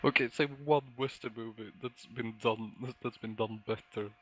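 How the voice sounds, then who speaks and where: A man's voice: fairly low pitch, fairly even intonation, moderate pace, low-quality recording. Laughing, exasperated man in casual debate. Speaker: podcast co-host. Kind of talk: casual argumentative chat.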